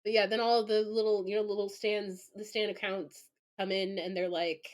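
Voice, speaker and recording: A woman streamer reading an academic article aloud and commenting on it in a casual, animated way, often breaking into laughter and mock outrage. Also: mid-range voice, moderate pace. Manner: casual, full of likes and you-knows.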